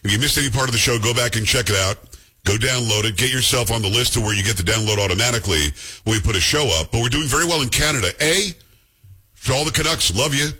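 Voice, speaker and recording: A middle-aged man hosting a talk radio show, chatting casually and joking in quick asides from the studio. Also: medium pitch, bright, forceful tone, husky.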